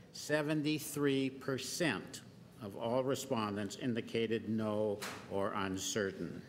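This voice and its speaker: A man of middling pitch delivers a prepared statement to a council committee. He speaks in a measured, deliberate way and enumerates his points in order. His voice carries the long reverb of a large chamber, with faint hiss underneath. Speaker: business association deputant. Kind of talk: formal prepared deputation.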